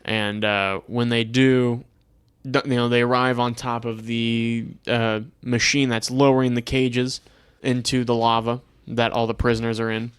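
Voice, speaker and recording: Man, young adult, podcast co-host; clear, smooth tone, dead-dry mic; chatty, laughing plot recaps. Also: medium pitch, a little slow, no room sound. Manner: animated plot retelling, laughing often. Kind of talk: casual chat.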